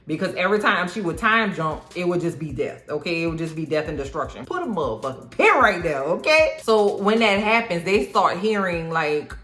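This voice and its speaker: A woman recapping a TV episode in casual slang, acting out the characters' lines in an animated storytelling style. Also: fairly low pitch, a little fast, hardly any pauses, roomy sound, faint music behind. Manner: slangy, cursing, talks straight to viewers. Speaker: TV recap host.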